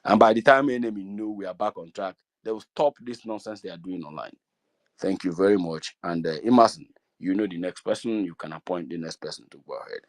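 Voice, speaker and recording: A middle-aged Igbo man with a Nigerian accent addresses an online gathering. His voice sits low and the sound is dry and close. He talks earnestly, repeats himself and pleads with his audience. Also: fairly quick, dry recording. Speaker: community speaker. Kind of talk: speaking to an online meeting.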